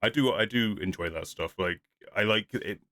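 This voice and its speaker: Chatty, low-voiced man reviewing an episode. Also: normal speed, pushed and bright, no echo. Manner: rambling, laughs often, acts out quotes. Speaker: podcast co-host. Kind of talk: casual review chat.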